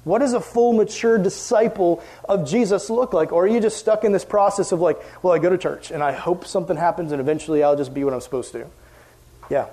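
A young man preaching a casual youth group sermon, animated and playful, acting out quoted voices. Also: high-pitched, brisk. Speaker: youth pastor.

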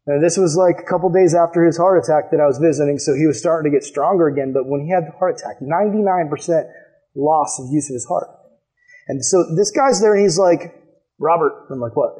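High-voiced, animated male pastor. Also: quick pace. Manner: animated storytelling, acts out quotes in a higher voice. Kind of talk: sermon with personal story.

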